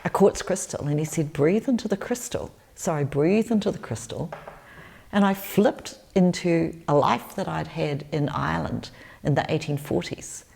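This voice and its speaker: A woman's voice: low voice, normal speed, gravelly, a little mellow, husky. A New Zealand woman, in her sixties, answering interview questions as a spiritual teacher, telling stories earnestly and repeating phrases.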